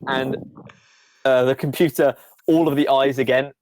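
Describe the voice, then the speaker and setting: A man's voice: mid-range voice, steady tone, normal speed, a little mellow, no room sound. A man narrating a tabletop game as game master, with a rambling, playful delivery full of fillers.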